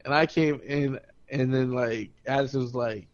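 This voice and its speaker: A man's voice: mid-range voice, moderate pace. A young man on a podcast, telling a party story with lots of swearing, laughter and acted-out quotes. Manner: profane, laughing, animated retelling with quoted voices. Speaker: podcast co-host. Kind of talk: casual storytelling chat. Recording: dull lo-fi podcast audio.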